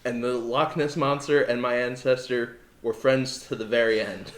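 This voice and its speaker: A man voicing the Loch Ness Monster as a grand, angelic female creature, with a deliberately bad Scottish-style accent. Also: medium pitch, fairly even intonation, echoey room, close to an everyday voice. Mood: mock solemn. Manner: grand, solemn, breaking into laughter.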